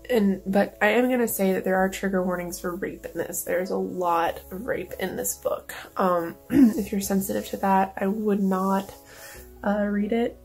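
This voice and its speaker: A woman's voice: mid-range voice, fairly even intonation, unhurried, darkish tone, faint music behind. A woman vlogger talking casually and emotionally, close to tears, with many fillers. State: near tears. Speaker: book vlogger. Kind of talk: casual vlog talk.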